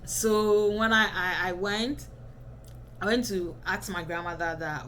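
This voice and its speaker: A woman's voice: medium pitch, slow pace, sharp tone, a little hiss or hum. A woman in her twenties giving casual advice to camera as a vlogger, chatty and often checking in with the viewer. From Ghana.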